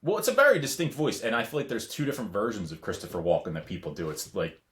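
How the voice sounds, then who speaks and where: A man in his thirties with a fairly low voice, chatting casually on a podcast. He rambles through long stories and breaks into laughter often. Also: huge pitch swings, fast talker, a bit bright. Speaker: podcast co-host. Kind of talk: casual chat.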